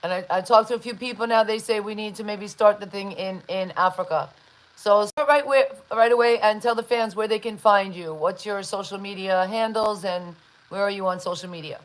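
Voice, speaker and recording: A woman hosting a live online interview, chatty and enthusiastic, with many shout-outs. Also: medium pitch, brisk, rough recording. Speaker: interview host.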